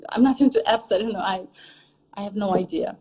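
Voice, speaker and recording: A woman English teacher in a casual interview, talking in an animated way and ending her points with a checking "yes?". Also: medium pitch, brisk, low-quality recording. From native English speaker living in Turkey.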